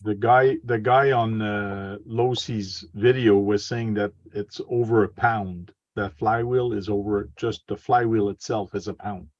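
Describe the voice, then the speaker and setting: A man's voice: on the low side, steady tone, measured pace, hardly any pauses, a little mellow, no room sound. Casual host, male, mid voice, rambling and jokey, dull dry lo-fi recording. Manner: joking, rambling with repeated words. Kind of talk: casual group chat on a livestream.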